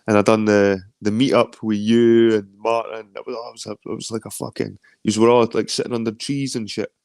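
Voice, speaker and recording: Scottish guy rambling on a stream, sweary and jokey, lowish voice, dry close mic. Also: steady tone, moderate pace, creaky, a little mellow, no room sound. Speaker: stream host. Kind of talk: casual chat reading viewer comments.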